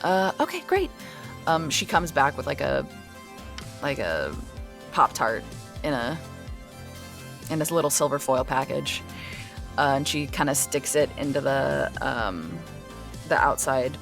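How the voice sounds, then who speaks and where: A woman's voice: very deep voice, sing-song, a little slow, creaky, long pauses, music in the background. A woman running a tabletop role-playing game as game master, narrating in a rambling way with lots of fillers and restarts. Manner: rambling with many fillers and restarts, searching for words.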